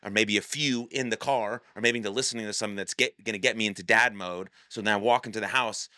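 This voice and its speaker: Podcast host guy, low voice but bright edge, casual, dry mic. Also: fairly even intonation, fast talker, no room sound. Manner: casual, laughs easily, thinks aloud. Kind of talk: podcast interview.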